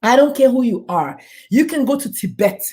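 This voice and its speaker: Emphatic woman with a lively, high voice. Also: moderate pace. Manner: emphatic, preachy, acts out quoted people. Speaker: guest, doctor and suicide prevention speaker. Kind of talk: passionate talk show interview.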